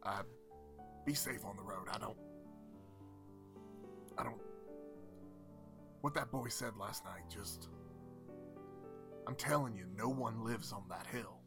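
Man doing a hushed, uneasy innkeeper. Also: on the low side, takes it slowly, gravelly, long pauses, over music, voice pushed down. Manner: hushed, hesitant warnings. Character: uneasy male innkeeper, quiet and wary.

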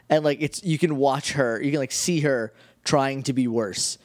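A man's voice: medium pitch, unhurried, dry recording, studio quality. A man co-hosting a podcast, chatting casually and rambling through an episode recap. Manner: rambling, self-interrupting, quoting characters in a lazy offhand voice. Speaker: podcast co-host.

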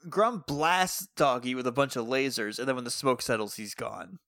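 A man's voice: mid-range voice, moderate pace, sharp tone, no room sound, studio quality. A man co-hosting a podcast, recapping a TV episode in casual chat, laughing often and adding joking asides. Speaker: podcast co-host.

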